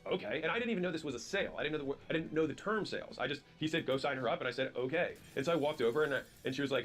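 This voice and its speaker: Fast-talking guy telling sales stories, does all the voices, lots of like and right, music low underneath. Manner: animated, acts out both sides of dialogues. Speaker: business speaker. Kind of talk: storytelling advice talk.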